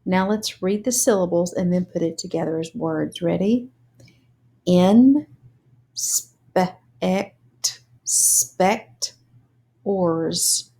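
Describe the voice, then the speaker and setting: A woman's voice: fairly low pitch, normal speed, creaky, few pauses, warm tone, husky. A woman teaching a reading lesson, spelling words letter by letter and sounding out syllables. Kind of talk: slow, deliberate reading lesson.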